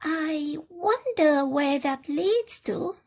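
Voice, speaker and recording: A woman voicing a small, cheerful young female rabbit in a storybook reading, with a high little voice. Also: animated, extremely slow, darkish tone, exaggerated voice. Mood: curious.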